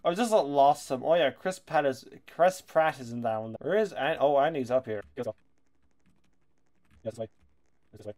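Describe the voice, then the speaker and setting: Excitable man doing casual game commentary. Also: medium pitch, normal speed, pauses often. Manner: excitable, laughs and swears often. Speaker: gaming YouTuber.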